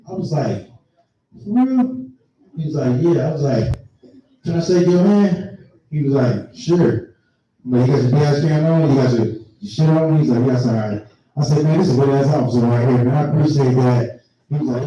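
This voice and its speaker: A man's voice: a little high, dark tone, far from the mic, dull audio. A man telling a laid-back, rambling, raunchy stand-up story on a comedy venue stage. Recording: echoey live room, mic from afar.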